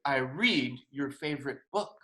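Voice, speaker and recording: A man voicing a playful, overeager octopus who speaks slowly and coaxingly. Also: medium pitch, expressive, sharp tone. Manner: slow, drawn-out, coaxing. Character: overeager playful male octopus, slow and cheerful. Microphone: video call. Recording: roomy video call audio.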